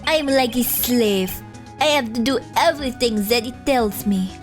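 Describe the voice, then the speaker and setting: A woman's voice: a little high, normal speed, soft background music, lightly acted. Woman putting on a dramatic French man in debt. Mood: self-pitying. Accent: put-on French. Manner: melodramatic, overwrought pleading. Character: theatrical male French restaurant owner in debt. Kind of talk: reading game dialogue aloud on a stream.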